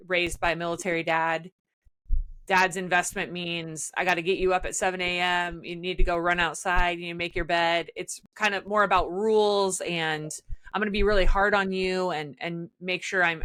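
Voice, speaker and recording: A woman with a fairly low voice hosts an interview conversation. She frames her questions at length, thinking aloud and sometimes restarting her sentences. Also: fairly bright tone. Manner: thoughtful, long questions with restarts. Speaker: podcast host.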